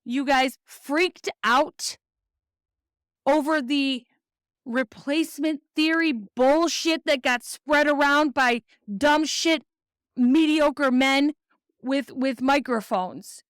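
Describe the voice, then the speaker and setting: An American woman hosts a podcast of angry, swear-filled political commentary, ranting and reading news excerpts aloud. Her voice is high-pitched, slow and a bit bright, recorded at studio quality with no room sound.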